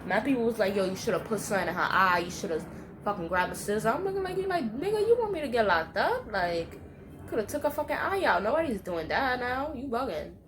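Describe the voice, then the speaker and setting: Animated, profane young New woman. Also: medium pitch, fast, background noise. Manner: animated, profane, slangy storytelling. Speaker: vlogger. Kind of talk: storytime monologue.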